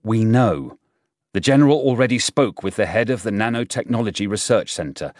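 A man's voice: on the low side, lively intonation, moderate pace, darkish tone, no echo, studio quality, voice pushed up, lightly acted. A man voicing a formal, diplomatic army major in an audiobook reading. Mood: firm. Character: courteous male army major.

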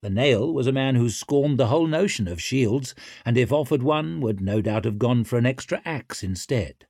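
A man narrating an audiobook in a wry, expressive storytelling manner. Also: mid-range voice, normal speed, dry recording, studio quality.

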